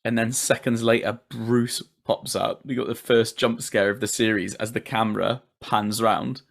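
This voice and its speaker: A man's voice: fairly low pitch, level tone, moderate pace, vocal fry. A man hosting a casual podcast recap, chatty, laughing often and swearing casually. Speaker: podcast host.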